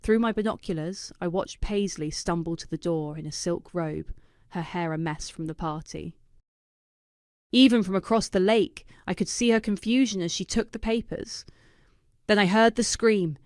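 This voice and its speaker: A woman reading a first-person drama story in a dry, knowing, quietly vindictive manner. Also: lowish voice, normal speed, no echo. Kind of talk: scripted first-person narration.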